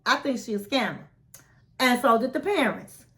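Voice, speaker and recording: A woman's voice: fairly high pitch, animated, normal speed, a bit bright. A woman retelling a reality show episode in a chatty recap, acting out what the people said and adding her own blunt asides. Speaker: recap vlogger.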